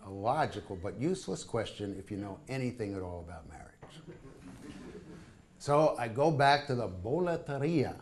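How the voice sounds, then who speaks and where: A man's voice: medium pitch, sing-song, moderate pace, a little mellow. A man reading his own travel stories aloud to a live audience, wry and full of comic asides. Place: small live performance venue.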